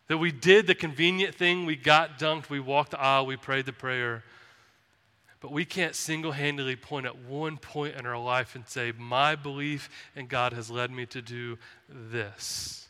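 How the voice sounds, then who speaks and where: A man preaching a sermon as pastor, earnest and pleading, often dropping to a soft, gentle tone. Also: on the high side, smooth. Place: church sanctuary. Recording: reverberant church hall.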